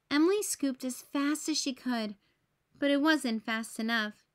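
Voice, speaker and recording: A woman reading a children's picture book aloud as a teacher, in a gentle storytelling manner for young kids. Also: sits high, unhurried.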